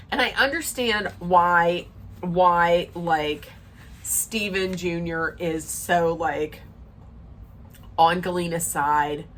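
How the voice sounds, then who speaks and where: A woman's voice: lowish voice, fairly bright tone, a little hiss or hum. Chatty woman ranting about reality TV. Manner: chatty, emphatic, rambling, sarcastic asides. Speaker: reality TV recap vlogger. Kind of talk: casual opinionated recap rant.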